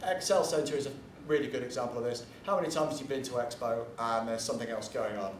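A man's voice: medium pitch, quick pace, slight background noise. A man giving a casual convention panel talk, chatty and blunt, drifting into asides and the odd swear word. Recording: echoey room from far off, faint ambience.

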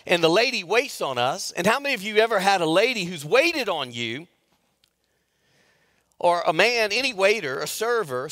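A man's voice: high voice, no room sound, clean studio sound. Folksy storytelling pastor, a man. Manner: storytelling with folksy asides, swinging from loud to hushed. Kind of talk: sermon.

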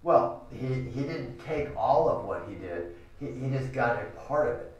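A man's voice: medium pitch, expressive, a little mellow, dull audio, a little hiss or hum. A male guest minister with a middle-range voice explains a Bible passage, stopping and restarting as he goes. He sounds very echoey and set back from the mic. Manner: halting, with restarts. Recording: echoey room, mic from a distance.

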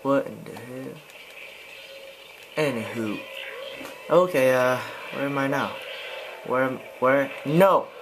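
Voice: medium pitch, slow pace, long pauses, background noise. A gamer giving let's play commentary, jumpy, yelping and pleading, and muttering to themselves in between.

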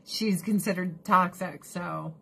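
A woman's voice: lowish voice, steady tone, takes it slowly, creaky, a bit bright, husky. A middle-aged woman streamer chatting casually with her viewers, blunt and profane, ranting with animation.

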